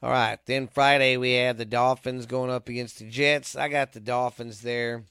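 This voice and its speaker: Dude rattling off football picks, bright crisp voice, swears a lot, dry close mic. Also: male voice, medium pitch, fairly even intonation, moderate pace, dry recording. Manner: loose, profane and rambling, reading off scores. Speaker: podcast host. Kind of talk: casual sports picks monologue.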